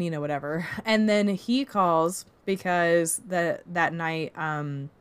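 A woman co-hosting a casual movie-review chat, retelling scenes in an animated way with lots of filler words. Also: lowish voice, takes it slowly, smooth. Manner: animated retelling with acted-out quotes; many "like" fillers. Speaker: podcast co-host reviewing a movie.

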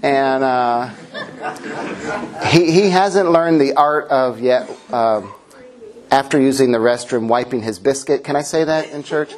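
A middle-aged man preaching a humorous sermon in a church, playful, sometimes acting out a child's shouts. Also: medium pitch, unhurried. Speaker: pastor.

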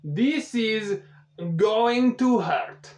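Man doing a slow, menacing Russian specialist. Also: sits high, expressive, darkish tone, pitched above the performer's own voice, exaggerated voice. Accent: mock Russian. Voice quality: slow, drawn-out delivery.

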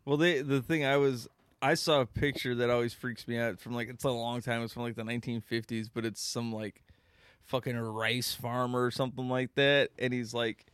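A man's voice: medium pitch, flat delivery, normal speed, a bit bright, clear, resonant tone, no room sound. A man co-hosting a podcast, telling rambling stories full of swearing in casual chat. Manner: profane, rambling storytelling. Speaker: podcast co-host.

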